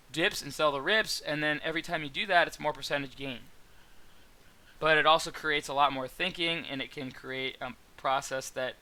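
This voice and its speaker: A young man with a bright, smooth, clear voice, pitched a little above the usual for a man. He talks his viewers through his trades casually, rambling with plenty of fillers and restarts. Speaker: stock trading mentor.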